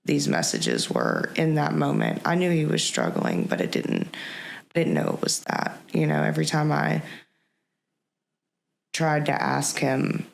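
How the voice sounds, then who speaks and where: A woman speaks as a podcast guest in a heavily gravelly, creaky voice. Her pitch moves up and down a lot as she tells a personal story. She talks haltingly and reflectively, pausing and restarting often. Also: very animated.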